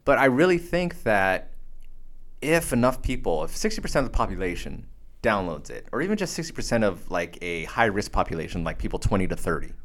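Lower-voiced guy guesting in a studio chat, really animated pitch, jumps in with ideas. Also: brisk. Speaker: guest, radio talk show host. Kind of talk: casual studio conversation.

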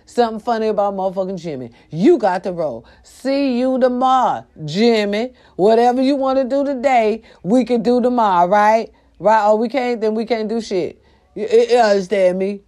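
Older woman preaching to her viewers. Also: lowish voice. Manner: animated, preachy, heavy profanity, addresses viewers as y'all. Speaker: vlogger. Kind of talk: casual straight-to-camera talk.

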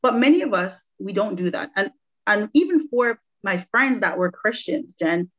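A woman's voice: mid-range voice, expressive, moderate pace, a bit bright. A woman guest sharing a personal faith testimony in an interview, earnest and reflective, repeating phrases for emphasis. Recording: dull lo-fi audio.

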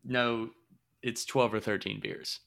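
A man's voice: fairly low pitch, fairly even intonation, takes it slowly, creaky, a bit bright. A man co-hosting a podcast in casual chat, teasing and goofing around with frequent laughs. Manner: teasing, goofy, laughs often. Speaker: podcast co-host.

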